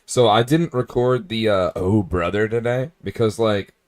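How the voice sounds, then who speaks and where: A low-pitched, hoarse male streamer talks loosely to his viewers, full of fillers and throat clearing. The sound is close and dry, with no room around it. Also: moderate pace, a little mellow, dry recording. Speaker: game streamer. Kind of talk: casual livestream chat.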